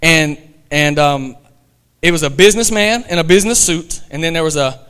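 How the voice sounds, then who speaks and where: A man's voice: fairly high pitch, normal speed, fairly bright tone, clean tone. A man, a pastor telling a story in his sermon and building to emphatic preaching. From American South.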